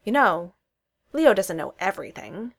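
A woman voicing an earnest, wry male politician in a story reading, speaking in a dry, measured way. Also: medium pitch, big pitch swings, vocal fry, full character voice.

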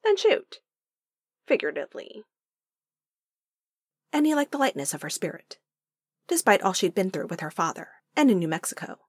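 A woman narrating a fiction story aloud in an expressive storytelling manner. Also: on the low side, fast, slightly rough, no echo, clean studio sound. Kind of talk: fiction audiobook reading.

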